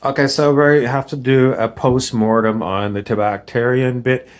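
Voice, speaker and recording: A man's voice: medium pitch, steady tone, moderate pace. A man who makes comedy sketches, rambling through a self-critical recap of one of them and using many fillers. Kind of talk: casual commentary on his own sketch.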